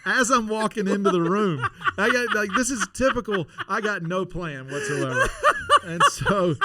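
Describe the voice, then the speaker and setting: A middle-aged man telling stories in a casual interview, animated and laughing, with many restarts. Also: high-pitched, normal speed, background noise. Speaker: podcast guest, former Navy SEAL.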